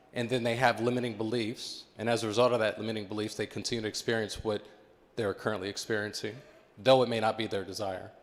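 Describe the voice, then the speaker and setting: Male keynote speaker, mid pitch, engaging and interactive, long hall reverb. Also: a bit bright. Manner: engaging, quizzes the audience. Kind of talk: motivational talk to a live audience. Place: conference hall with live audience.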